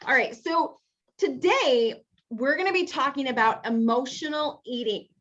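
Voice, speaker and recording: A fairly high-voiced woman coaches a weight-loss group over a video call, chatty and encouraging as she talks straight to her members. The call audio is dull and lo-fi. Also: a little slow, a bit bright.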